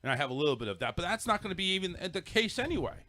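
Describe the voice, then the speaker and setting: His voice sits high, sing-song and racing, with a bright, forceful tone and no echo. He's a middle-aged podcast host with a Northern US accent, casually rambling through a story full of restarts and repeated words.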